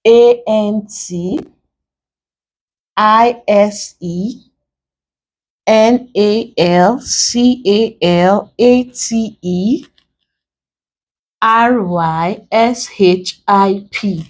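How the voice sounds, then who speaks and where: A woman's voice: medium pitch, a little mellow, poor audio. A woman with a Nigerian accent teaching an exam-prep lesson, spelling out letters and breaking words into syllables step by step. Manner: slow and deliberate, spelling out letters.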